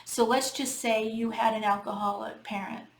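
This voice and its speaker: A middle-aged woman, a healing coach and podcast host, gives casual spoken advice directly to her listeners in an earnest, repetitive way. Her voice is fairly high and gravelly, with flat delivery at normal speed, recorded in an echoey room with faint background noise.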